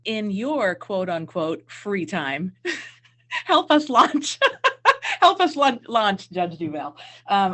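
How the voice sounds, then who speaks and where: A woman co-hosting a podcast, bantering in a playful, giggly, teasing way. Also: mid-range voice. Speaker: podcast co-host. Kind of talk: casual podcast chat.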